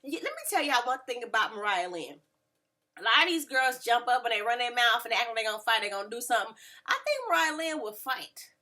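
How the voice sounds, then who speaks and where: A woman, casually recapping a reality show and acting out quotes with lively voices. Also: on the high side, quick pace. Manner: animated, mimics people in quotes. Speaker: reality TV reviewer.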